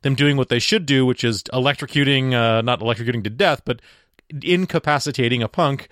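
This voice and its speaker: This mid-range male voice is fairly bright and a little fast as he co-hosts a podcast, casually reviewing a movie and laughing frequently. It's recorded clean in a studio, with no echo.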